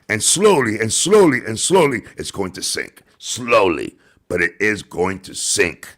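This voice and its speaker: Gravelly, taunting livestream host man. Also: deep voice, pushed and bright. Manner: taunting, profane, insulting. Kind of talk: ranting livestream talk.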